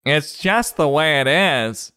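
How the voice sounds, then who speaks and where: A man doing bright, squeaky bossy kids. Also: expressive, takes it slowly, clean tone, no room sound, studio quality, exaggerated voice. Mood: smug. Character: bratty bossy schoolchildren, smug and teasing.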